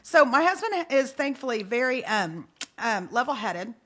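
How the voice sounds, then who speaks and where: Brief: woman, 40s, podcast guest, high-ish bright voice, animated storyteller who acts out quotes. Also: normal speed. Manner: lively, acts out the people in her stories; speaks of faith and parenting. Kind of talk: animated storytelling in casual conversation.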